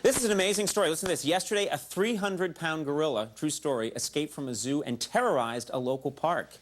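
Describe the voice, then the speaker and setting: Late-night male host, self-deprecating monologue, a bit high, loud noisy live crowd. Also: fast talker. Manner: self-mocking, jokey asides. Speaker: talk show host. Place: TV studio stage. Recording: live studio audience laughter and applause.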